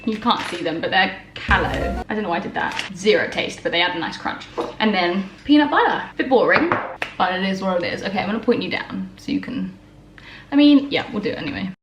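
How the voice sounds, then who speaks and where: Over music, a young woman vlogger chats casually in her home kitchen, laughing often and joking at her own expense as she goes through her day. Her mid-range voice is animated and a little fast. The kitchen has echo and clattering sounds.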